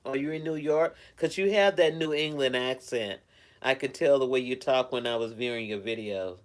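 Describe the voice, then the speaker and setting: A man chats with his viewers on a live stream from home, talking in a loose, rambling way. He greets people by name and sounds caring toward them. His voice sits at an ordinary middle pitch. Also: moderate pace. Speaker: live streamer reading chat. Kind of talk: casual live-stream chat.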